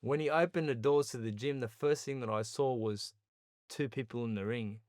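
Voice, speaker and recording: An Australian man tells his story as a podcast guest, animated and lively, slipping into the voices of the people he quotes. His voice sits at an ordinary middle pitch for a man. The recording is close and dry, with no room sound. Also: normal speed, dry recording. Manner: animated storyteller who acts out quoted dialogue. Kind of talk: storytelling interview.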